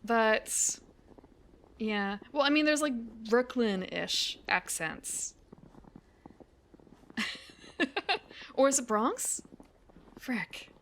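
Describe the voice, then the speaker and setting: A woman's voice: a little high, lively intonation, extremely slow, long pauses, fairly bright tone, a little hiss or hum. A woman streamer chatting casually while out on a winter walk, rambling, correcting herself and laughing often. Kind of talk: casual chat while walking.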